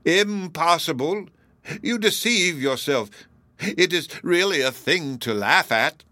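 A man reading aloud, voicing a bitter, incredulous old gentlewoman in a raised, slowed, emphatic voice. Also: medium pitch, animated, no room sound.

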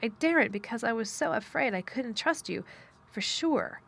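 A woman's voice: fairly high pitch, animated, moderate pace, gravelly, fairly bright tone, voice pushed up, full character voice. A woman voicing a blunt, frank young girl. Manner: frank, plain-spoken.

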